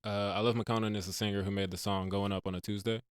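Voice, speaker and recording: A man co-hosting a casual movie review podcast, animated and joking, often laughing. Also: fairly low pitch, fast talker, clear, resonant tone, no room sound, clean studio sound. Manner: animated, laughing, jokey asides. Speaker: podcast co-host.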